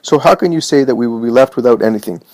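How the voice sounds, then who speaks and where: A man's voice: mid-range voice, fast, darkish tone, no echo, close to an everyday voice. A man reading as fervent grieving woman Mary. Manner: impassioned, exhorting.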